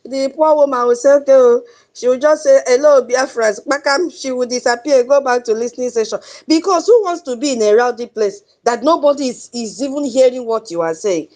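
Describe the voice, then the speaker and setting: A woman's voice: sits high, a little fast, darkish tone. Emphatic Nigerian woman hosting. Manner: chanting drum sounds, emphatic and preachy, laughs often. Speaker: host of an online audio space. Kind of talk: impassioned advocacy talk.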